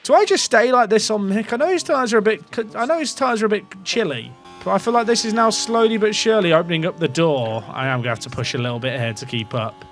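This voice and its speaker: A high-pitched, slightly bright English voice moves quickly over soft background music. The speaker, a gaming streamer, talks his chat through a racing-management game casually, rambling, second-guessing himself and swearing here and there.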